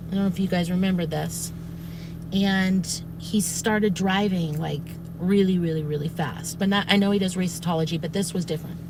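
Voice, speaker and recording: With background noise behind her medium-pitched voice, a woman streamer tells her viewers a lengthy story of past events. She's casual and rambling, full of fillers and restarts, and curses once she gets worked up.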